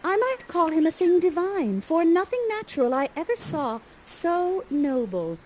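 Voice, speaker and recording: A woman's voice: extremely high pitch, very animated, measured pace, a little mellow, a little hiss or hum, voice pushed up, heavily acted, poor audio. A woman voicing a young, innocent noblewoman who speaks verse breathlessly in improvised interactive theatre. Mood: wonder-struck. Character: young innocent noblewoman, eager and wonder-struck.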